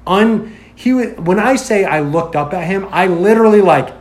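A man in casual chat, telling a story in an animated way, filling his talk with "like" and acting out what people said. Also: high voice, normal speed. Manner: animated storyteller, heavy use of "like", acts out quoted lines. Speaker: podcast guest telling a story.

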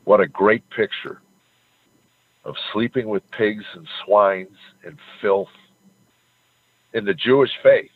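A man telling the story of his faith in an earnest, halting way, choking up at times. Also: on the low side, dry recording. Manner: earnest, halting, chokes up when moved. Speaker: comedian guest. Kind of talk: emotional faith testimony. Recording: tinny phone-like line.

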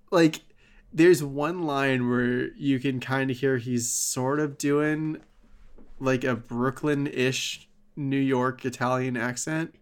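Gravelly-voiced man in casual rambling chat. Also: mid-range voice, steady tone, a little slow. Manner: rambling, frequent fillers and swearing.

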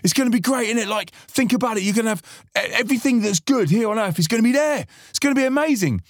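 A man putting on the voice of a cheerful older man who gushes with joy, in a high, exaggerated sing-song. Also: animated, fast talker, no echo, clean studio sound. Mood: joyful. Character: cheerful older man gushing about heaven.

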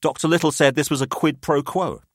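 A man's voice: fairly high pitch, fairly even intonation, brisk, dry recording, studio quality, voice pushed up, close to an everyday voice. A man voicing Jamie, a brash young male student who is flippant and pushy.

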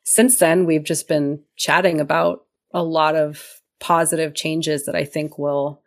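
A young adult woman co-hosting a podcast in casual chat, animated and quick to act out quotes, talking over a video call. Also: vocal fry. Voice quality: animated, acts out quotes with big pitch jumps. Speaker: podcast co-host. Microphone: remote video call.

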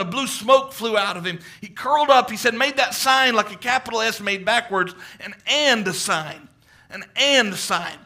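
Male preacher, high bright voice, fervent sermon delivery with swelling emphasis. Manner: fervent, quoting at length, rising emphasis. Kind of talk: sermon retelling a vision.

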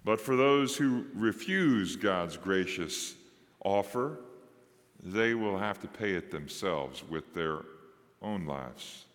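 A man preaching a sermon as pastor, with dramatic pauses and rising and dropping emphasis. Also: low-pitched, expressive. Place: church sanctuary. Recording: long hall reverb.

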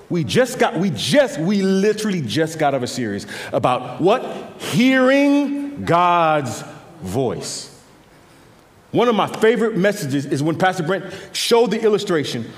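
A man preaching a sermon as pastor, swinging between quiet intimate passages and louder emphatic lines, often repeating words as he builds a point. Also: fairly high pitch. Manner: animated preaching, drops to quiet intimate tones and rises for emphasis. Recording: long reverb of a large hall.

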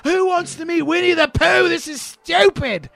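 A man's voice: extremely high pitch, gravelly, pitched above the performer's own voice, exaggerated voice. A man voicing a bratty young boy with a put-on Australian accent, whining and drawn out in an anecdote. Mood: shouting tantrum. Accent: fake Australian. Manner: whiny, drawn-out, shouting complaints. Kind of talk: acted quote in a comedic anecdote.

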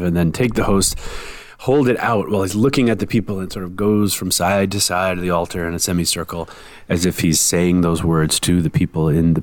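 A man's voice: low-pitched, no room sound. A man co-hosting a podcast, griping in a playful, cranky way during casual chat. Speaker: podcast co-host.

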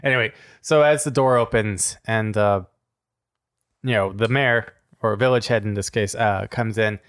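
Male game master, easygoing narrator, halting casual delivery. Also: lowish voice, a bit bright. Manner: casual, hesitant, many fillers and laughs.

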